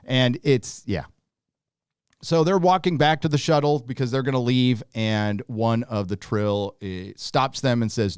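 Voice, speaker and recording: A man's voice: mid-range voice, measured pace, smooth, no echo, clean studio sound. Sarcastic man hosting a live review. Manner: sarcastic, mocking, with frequent laughs and fillers. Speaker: host of a review show. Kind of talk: live casual review commentary.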